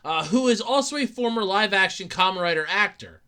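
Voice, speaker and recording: Excitable solo podcaster, laughing and swearing. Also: mid-range voice, a little fast, smooth. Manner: jumps between loud outbursts and mumbled asides. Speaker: podcast host.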